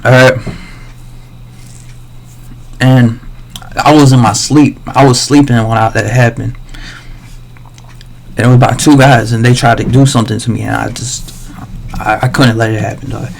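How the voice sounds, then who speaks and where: A man's voice: mid-range voice, fairly even intonation, normal speed, gravelly, long pauses, slight background noise. A man livestreaming a rambling, slangy monologue full of swearing and restarts.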